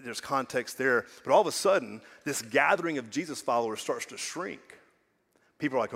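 A middle-aged male pastor preaching a sermon in a conversational way, with rhetorical questions and big swings between quiet and loud. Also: medium pitch, lively intonation, brisk, breathy edge. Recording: long hall reverb.

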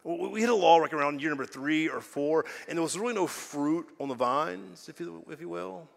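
A middle-aged man preaching in a church sanctuary, talking to the congregation in a relaxed, conversational way. He poses rhetorical questions and moves between hushed, quiet stretches and louder, emphatic lines. His voice carries a long hall reverb. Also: on the high side, moderate pace, gravelly. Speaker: pastor. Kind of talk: sermon.

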